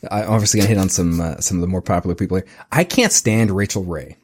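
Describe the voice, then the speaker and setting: A man co-hosting a podcast in casual chat, animated and self-mocking, laughing often. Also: low voice, fast. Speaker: podcast co-host.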